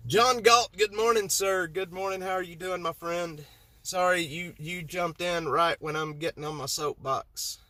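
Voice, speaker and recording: Man, livestream host, fired-up, rambling, slightly high voice, talking from his car. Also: a bit bright, no room sound. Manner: rambling and heated, repeats himself. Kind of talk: livestream chat reading viewer comments. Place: inside a vehicle.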